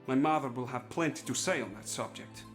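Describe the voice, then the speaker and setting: An earnest young son from a video game talks about his family in a measured, plain way, voiced by a male actor. His voice is mid-pitched and even. Faint game music sits behind him. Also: lightly acted.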